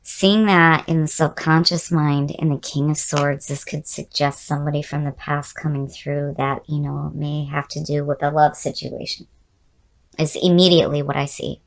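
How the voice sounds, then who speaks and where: Low-voiced hoarse woman reading tarot. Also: little pitch movement, normal speed. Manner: musing, repeats key words, talks straight to the viewer. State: hoarse, losing her voice. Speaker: tarot reader. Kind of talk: casual spoken tarot reading.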